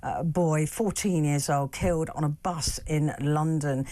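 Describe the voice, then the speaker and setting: Low-voiced woman radio host, teasing. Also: fairly even intonation, measured pace, warm tone. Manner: teasing and frank. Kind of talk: casual chat reviewing newspapers. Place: radio studio.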